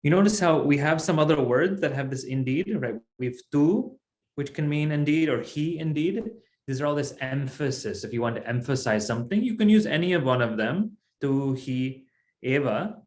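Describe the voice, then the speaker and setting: A man's voice: on the high side, animated, moderate pace, darkish tone, reverberant. A man teaching a Sanskrit class, explaining patiently step by step. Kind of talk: online language class.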